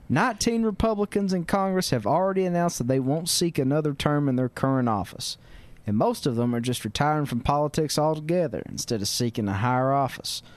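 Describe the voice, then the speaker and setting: A man plays a pompous older columnist, delivering stiff, formal lines in a comedic dramatic reading. The voice sits fairly high and swings with lively pitch. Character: pompous older male centrist newspaper columnist.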